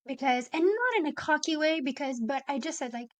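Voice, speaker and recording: A woman in her forties, a podcast guest and coach, explaining ideas in an animated way and acting out example phrasings. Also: sits high, normal speed, dry recording. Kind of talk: conversational interview.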